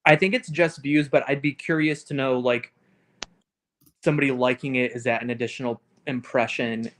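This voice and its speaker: Guy chatting on a stream call, mid-pitch voice, lots of "like" and "um", kinda rambly. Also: fairly even intonation, normal speed, a bit bright. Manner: rambling, heavy on fillers like "like" and "um". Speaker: co-host. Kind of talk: casual livestream chat.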